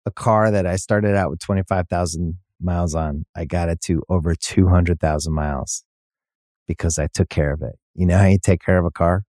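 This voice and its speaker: Low-voiced man reading a podcast ad. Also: no echo, studio quality. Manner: conversational, personal anecdotes. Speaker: ad reader. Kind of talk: host-read ad.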